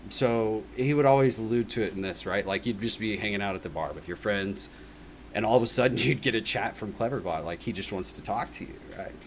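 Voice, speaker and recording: A man's voice: fairly low pitch, a little fast, a little hiss or hum. A man giving a personal testimony in a casual spoken monologue, rambling and earnest, leaning on "like" and "right?" as he talks.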